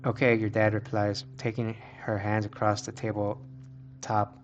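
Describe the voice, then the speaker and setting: Low-voiced man muttering through a game. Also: monotone, normal speed, lo-fi sound, faint music behind. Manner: reads story text with light voiced quotes between muttered reactions. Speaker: gameplay streamer. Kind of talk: casual gameplay commentary and reading game text aloud.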